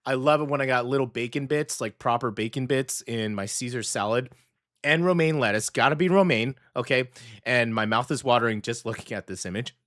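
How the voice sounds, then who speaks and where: An American man hosting a casual radio food segment, chatty and animated, often correcting himself mid-sentence. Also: medium pitch, a little fast, no room sound, clean studio sound. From United States. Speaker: radio host. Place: radio studio.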